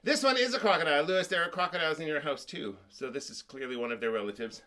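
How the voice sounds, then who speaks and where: A man's voice: fairly high pitch, quick pace, pushed and bright. A man teaching a children's music class over a video call, singing action songs and joking playfully with the kids. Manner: playful, sings and chants action songs with jokes for small children.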